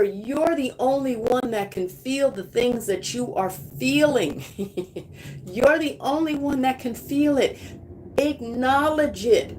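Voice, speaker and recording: A middle-aged woman guides listeners through a spiritual meditation on a live stream. Her voice sits a little high, and she speaks in a slow, unhurried flow. She repeats her phrases softly to affirm them. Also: slight background noise, rough recording. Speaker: spiritual healer leading a live session.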